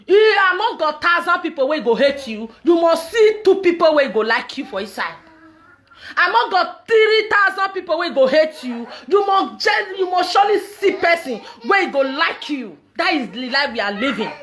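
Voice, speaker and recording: A high-voiced woman with a Nigerian accent speaking straight to her followers in an impassioned social media message. She is emphatic and repeats herself, often breaking into shouts and laughter between her words. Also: sing-song, moderate pace.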